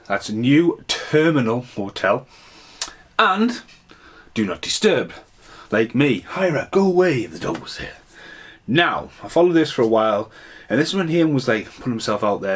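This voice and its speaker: A man giving a casual, rambling, jokey movie review. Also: medium pitch.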